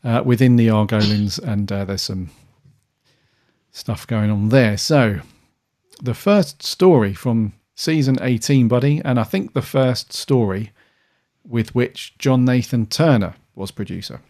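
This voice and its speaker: A man's voice: mid-range voice, a little slow, a little mellow. A man in his late thirties hosting a podcast, chatting in a casual, meandering way with many fillers. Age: late 30s. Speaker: podcast host.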